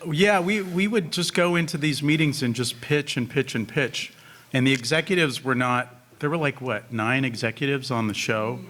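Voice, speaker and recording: A man on an expo panel, recounting work meetings in relaxed, casual chat. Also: medium pitch, moderate pace. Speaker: panelist, creative collaborator.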